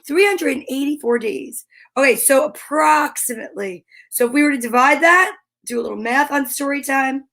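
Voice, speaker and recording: Bubbly high-voiced woman hosting a livestream. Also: moderate pace. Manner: bubbly and excitable, reads out viewer comments. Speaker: livestream story time host. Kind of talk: casual livestream chat greeting viewers.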